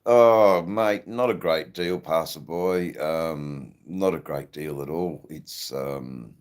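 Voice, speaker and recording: A middle-aged Australian man with a persistent cough, hosting a casual livestream in a slow, rambling way with frequent ums. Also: a bass voice. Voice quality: gravelly. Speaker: livestream host. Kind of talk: casual livestream chat reading comments.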